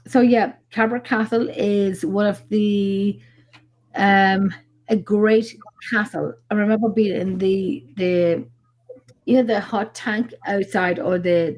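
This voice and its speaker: Telling stories casually on a live show, an Irish paranormal investigator keeps things animated, swearing and using lots of fillers. She talks slowly in a mid-range voice.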